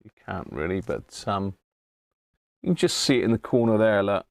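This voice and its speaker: A man's voice: on the low side, lively intonation, moderate pace, creaky, dry recording, studio quality. A man with a southern English accent hosting a casual livestream, chuckling often and answering viewers by name as he looks over old radios at his workbench. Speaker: livestream host restoring vintage radios. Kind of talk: casual live-chat commentary. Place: home workshop.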